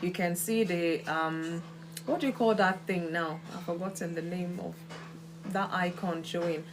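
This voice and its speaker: A woman's voice: fairly low pitch, steady tone, measured pace, noisy background. A woman hosting a live social-media stream, chatting casually and greeting viewers by name. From Nigeria. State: coughing from kitchen fumes.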